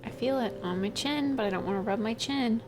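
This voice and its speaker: A woman's voice: a little high, brisk. A woman streaming her 3D art work, chatting casually and half-whispering to herself as she works. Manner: mutters and whispers to herself between chatty remarks. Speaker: streamer and 3D artist. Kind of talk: casual running commentary while working. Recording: background music under the voice.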